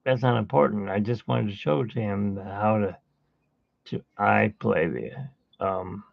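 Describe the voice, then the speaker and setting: A man's voice: lowish voice, takes it slowly, gravelly, no echo, muffled recording. A tired man who got little sleep, hosting a live drawing stream and chatting casually in a rambling way as he works. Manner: rambling storyteller, hums while working.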